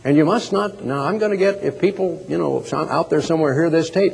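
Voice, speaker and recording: A middle-aged man preaching a sermon in an animated, sarcastic way, with mocking asides. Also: fairly high pitch, quick pace, vocal fry, few pauses, long reverb tail, poor audio.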